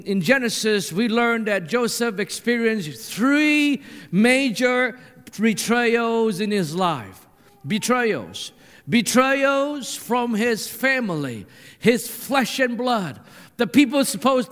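A man's voice: sits high, a bit bright. A man preaching a sermon in a church hall, earnest and emphatic, repeating his points for weight. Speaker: pastor. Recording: long hall reverb.

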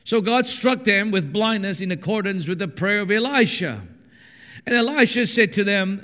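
A man preaching a sermon, telling stories with animated swings from hushed to shouting. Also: sits high, normal speed. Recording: echoey hall with long reverb.

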